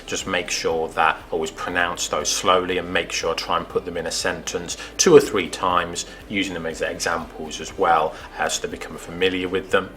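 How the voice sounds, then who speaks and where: Low bright-voiced male teacher. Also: level tone, normal speed, few pauses. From England. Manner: hesitant, many ums. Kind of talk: interview about teaching.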